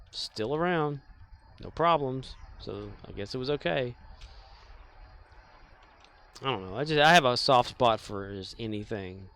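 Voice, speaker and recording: A man rambles through stories while he plays a game on stream, his voice at an ordinary middle pitch. He talks in a loose, folksy way, full of fillers, restarts and the odd mild curse. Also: a bit bright. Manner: meandering storyteller with frequent fillers and restarts. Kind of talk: casual rambling chat while gaming.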